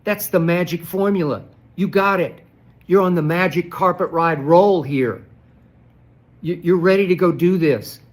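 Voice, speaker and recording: A man's voice: high voice, measured pace. A man arguing hard as a sports commentator, firing rhetorical questions and repeating key phrases for emphasis. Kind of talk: heated sports debate commentary.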